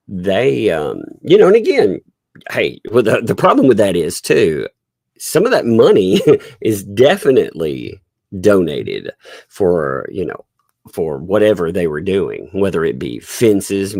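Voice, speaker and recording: Lively low-voiced man mocking on a livestream. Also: creaky, dry recording, studio quality. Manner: mocking, laughing often, swearing. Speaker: livestream host. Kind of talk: casual commentary chat.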